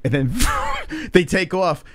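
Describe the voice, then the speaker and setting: A man's voice: high voice, wildly swooping pitch, slow pace, a bit bright, no room sound. A man hosting a live stream, telling a story in a casual, profane way and acting out the people he quotes. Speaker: stream host.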